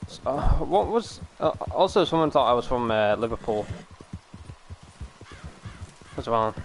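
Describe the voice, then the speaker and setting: A man's voice: mid-range voice, animated, brisk, a little hiss or hum, poor audio. A British man from the UK chatting casually on a live stream, rambling, swearing and laughing easily.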